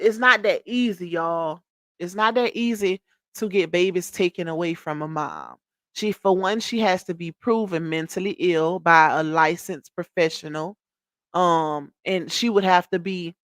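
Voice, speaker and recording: A woman's voice: fairly low pitch, no room sound, studio quality. Chatty woman hosting a gossip live stream. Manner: chatty, emphatic, repeats herself, addresses viewers as y'all and child. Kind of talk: casual gossip live stream, reading chat comments.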